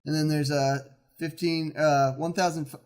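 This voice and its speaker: A man's voice: fairly high pitch, level tone, moderate pace, a little mellow, clean tone. Laid-back young man chatting about esports. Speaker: esports recap co-host. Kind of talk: casual chat.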